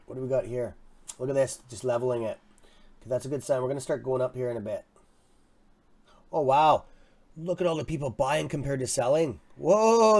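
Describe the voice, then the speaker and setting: A man hosting a casual live stock market stream from his desk mic, excitable and quick to react, muttering and apologizing now and then. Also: medium pitch. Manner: excitable, swears under his breath, apologetic. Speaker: livestream host. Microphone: desk microphone.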